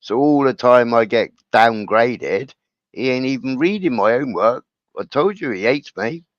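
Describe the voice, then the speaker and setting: A man's voice: mid-range voice, moderate pace, no echo. A middle-aged man, telling a school anecdote in casual stream chat and acting out the dialogue. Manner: animated anecdote-telling, acts out quoted dialogue. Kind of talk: casual storytelling on a livestream. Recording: dull lo-fi sound.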